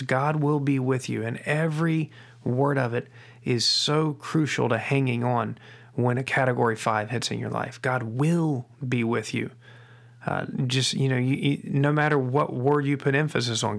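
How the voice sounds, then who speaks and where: Gravelly-voiced earnest man. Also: medium pitch, steady tone. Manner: earnest, repeats key phrases with slow emphasis; frequent restarts and doubled words. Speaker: podcast host. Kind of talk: faith-based parenting podcast talk.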